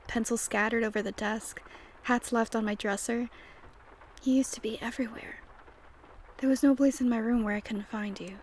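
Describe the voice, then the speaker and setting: A woman voicing a cool, aloof young woman calmly confronting the listener in a soft whispered role-play. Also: on the high side, lightly acted. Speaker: ASMR role-play performer. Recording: faint noise with rain sounds.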